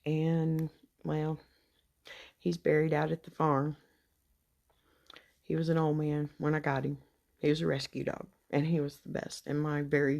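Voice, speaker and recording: An older woman with a Texas drawl talks off the cuff to her followers, rambling and folksy, now and then sinking into a soft whisper. Her voice sits low and gravelly, with a mellow, husky edge. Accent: Texan. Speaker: vlogger. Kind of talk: unscripted chat to subscribers.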